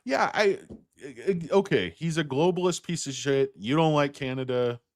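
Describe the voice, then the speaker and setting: A man hosting a stock market livestream, ranting bluntly and profanely while answering chat, with loud outbursts and low muttered asides. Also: expressive, moderate pace, no echo.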